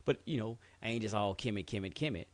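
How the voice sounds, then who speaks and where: A middle-aged man holds forth on his talk radio show in a fairly low voice. He preaches casually, slipping into street slang and cursing. The sound is dry and close to the mic. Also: fast, no room sound.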